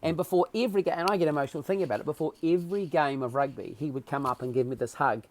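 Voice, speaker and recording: A middle-aged man, a podcast guest telling personal stories in a lively, emotional way. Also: fairly high pitch, racing, a little hiss or hum. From New Zealand. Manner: animated, emotional storyteller who acts out quotes. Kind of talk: casual storytelling chat.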